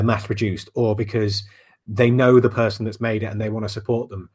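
A man's voice: on the low side, slightly rough. Rambling podcast host, man. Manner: rambling, casual swearing. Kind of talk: casual chat.

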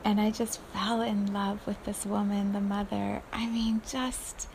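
Woman podcast host, unhurried, hushed and breathy, spiritual talk, faint background hum. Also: medium pitch, flat delivery. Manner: slow, soft, often breathy and near-whispered, with frequent laughs.

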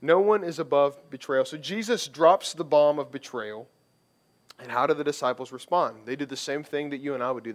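A man's voice: fairly high pitch, a little fast. A male pastor preaching a conversational sermon, slipping into the voices of people he quotes.

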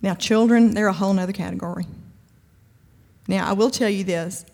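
A woman's voice: medium pitch, a little fast, creaky, a little mellow. A woman giving a conversational, emphatic sermon-style talk at a church event, with humor and frequent asides. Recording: long hall reverb.

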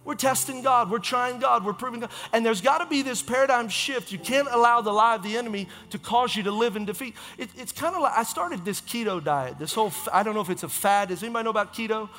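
A man preaching as a pastor, in an impassioned, repetitive style with quick self-corrections. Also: very high-pitched, pushed and bright, long reverb tail. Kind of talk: sermon.

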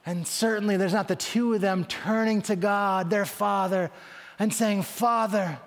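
A man with a high voice delivers a sermon, shifting into dramatic voices for the people in his story. His words ring out with a long reverb, as in a large hall. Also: fairly even intonation, normal speed. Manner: dramatic, voicing biblical figures in quotes. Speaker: preacher.

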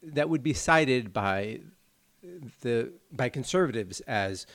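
Man, podcast co-host, earnest explainer, medium pitch, dry unechoing sound. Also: lively intonation, slow, fairly bright tone, no room sound. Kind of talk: casual chat.

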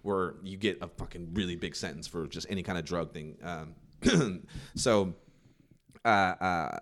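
Rambling low-voiced man telling stories. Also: measured pace. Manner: rambling, swears, laughs, acts out quoted voices. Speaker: podcast host. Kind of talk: casual rambling chat.

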